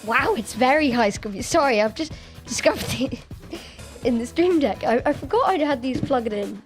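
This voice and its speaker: High-voiced, giggly Australian woman streaming. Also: expressive, moderate pace. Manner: chatty, giggly, thinking aloud. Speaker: Minecraft streamer. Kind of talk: casual live-stream commentary. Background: faint background music.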